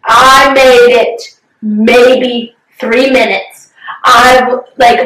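Young woman, casual chat, candid, swears a lot, slightly high voice, roomy echo. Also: level tone, slow, fairly bright tone. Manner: candid, swears freely, emotional storytelling. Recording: roomy, distant from mic.

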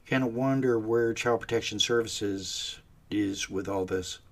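A man's voice: fairly low pitch, measured pace. A man giving ranting commentary in a sarcastic, mocking manner.

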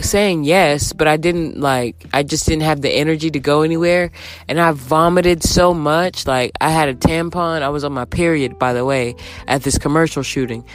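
A young woman telling a candid storytime to her viewers, chatty and animated, acting out quotes as she goes. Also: low voice. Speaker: vlogger. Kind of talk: casual storytime.

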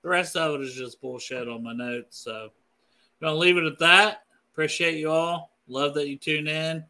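Brief: male podcast host, candid casual chat, very bright voice, a touch high. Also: fairly even intonation. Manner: candid, swearing, quick to laugh.

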